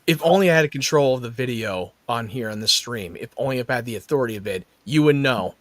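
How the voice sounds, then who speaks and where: Animated swearing male co-host, dry sound. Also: medium pitch, fast talker, no echo. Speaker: co-host guest. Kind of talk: casual chat.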